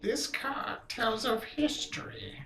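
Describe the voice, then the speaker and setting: A woman doing a slow, grave old fortune-teller. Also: a little high, wildly swooping pitch, fairly bright tone, roomy sound, pitched below the performer's own voice, heavily acted, rough recording. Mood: solemn. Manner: slow, grave, portentous delivery. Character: old female fortune-teller reading cards, solemn.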